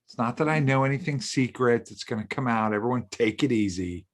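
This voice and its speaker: A man co-hosting a podcast, talking casually and excitably, repeating himself and joking around. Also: mid-range voice, brisk. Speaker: podcast co-host.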